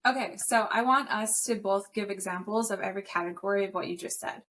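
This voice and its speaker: A woman with a mid-pitched voice tells a personal story in casual podcast chat. She speaks openly and plainly, repeating herself as she finds her words. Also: fairly quick, fairly bright tone. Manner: open and candid, telling personal stories. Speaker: podcast co-host.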